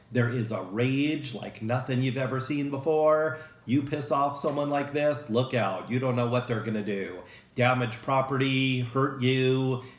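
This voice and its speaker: A man giving a casual psychology lecture, joking and acting out short examples. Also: mid-range voice. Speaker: psychology professor. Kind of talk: recorded lecture. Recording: roomy echo.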